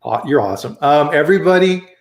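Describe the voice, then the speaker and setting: A man's voice: on the high side, lively intonation, quick pace, echoey room. Chatty man hosting a live stream. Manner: chatty, friendly, restarts often. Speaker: host. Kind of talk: casual live-stream chat.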